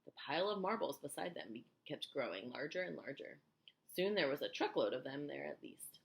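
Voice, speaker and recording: A woman reading a children's book aloud, telling it in an expressive, animated way. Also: deep voice, a little fast, gravelly. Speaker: storyteller.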